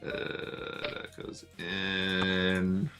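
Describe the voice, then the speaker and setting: Chatty man streaming poker, low voice. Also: monotone, drawn-out words, pushed and bright, faint music behind. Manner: chatty, greets viewers while playing. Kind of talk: casual live-stream commentary.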